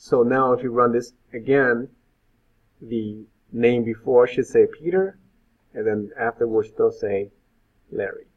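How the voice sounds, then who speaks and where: A man's voice: medium pitch, unhurried. A male web instructor giving an informal live coding lecture, thinking aloud with frequent fillers. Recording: phone-like lo-fi sound.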